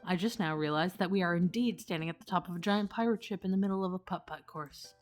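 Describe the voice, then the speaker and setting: A woman's voice: on the low side, fast, faint music behind. A woman playing a dating game on video, giving casual gameplay commentary with chatty, playful asides. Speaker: let's play gamer.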